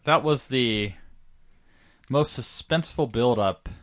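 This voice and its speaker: A man co-hosting a podcast, chipping in with quick wry asides in casual chat. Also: medium pitch, fairly bright tone. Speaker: podcast co-host.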